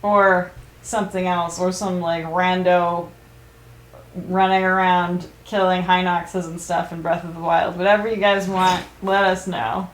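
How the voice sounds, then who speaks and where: A woman's voice: fairly low pitch, level tone, unhurried, slight background noise. Chatty woman co-host, echoey room. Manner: chatty, playful. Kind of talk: casual chat. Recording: echoey room with loud music.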